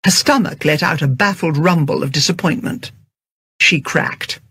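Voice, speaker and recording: An audiobook narrator reading a story in a steady, storytelling manner. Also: medium pitch, moderate pace, breathy edge, no echo, studio quality.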